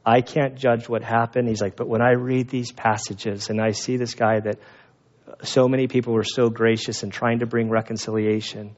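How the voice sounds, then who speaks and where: Pastor, man, mid-pitch, animated storytelling sermon, slightly muffled recording. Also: moderate pace. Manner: conversational storytelling with animated asides.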